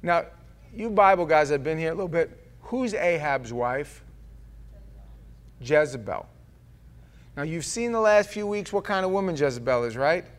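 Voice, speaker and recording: A middle-aged man, a senior pastor, praying softly then preaching a sermon with emphatic delivery and humorous asides to the congregation. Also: fairly high pitch, lively intonation, moderate pace, pauses often. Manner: earnest, shifts from hushed prayer to loud emphatic preaching. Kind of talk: sermon with opening prayer and scripture reading.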